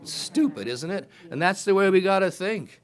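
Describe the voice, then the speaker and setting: A man's voice: high-pitched, expressive, moderate pace. A man preaching a sermon, reading Bible verses aloud and breaking in with emphatic rhetorical questions.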